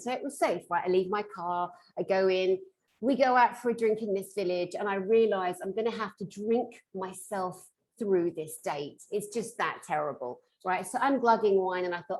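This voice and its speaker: A woman, a conference panelist, telling a lively personal story over a video call, swinging between loud and hushed delivery. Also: mid-range voice, normal speed, low-quality recording.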